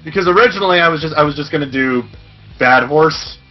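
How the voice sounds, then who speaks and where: A man from Canada, rambling quickly in a casual live-stream chat. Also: a little high. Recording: dull lo-fi stream audio with faint music.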